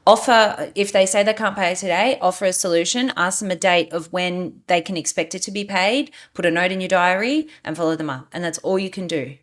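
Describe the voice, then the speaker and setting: Blunt businesswoman, lower voice. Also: brisk, hardly any pauses. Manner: blunt, practical, swears in passing. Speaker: podcast co-host, business owner. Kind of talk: casual podcast chat.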